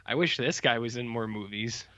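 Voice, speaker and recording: A man's voice: medium pitch, moderate pace, bright, forceful tone, no echo, muffled recording. A man co-hosting a podcast, chiming in with short dry questions and remarks. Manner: brief dry interjections and questions. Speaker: podcast co-host. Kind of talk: casual chat.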